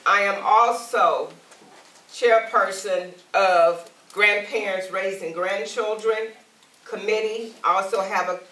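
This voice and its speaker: Woman preacher, bright and forceful, sounds far off the mic. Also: medium pitch. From Alabama. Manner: calls out to the congregation, rising and emphatic. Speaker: evangelist. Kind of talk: sermon and prayer. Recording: roomy and distant from the mic.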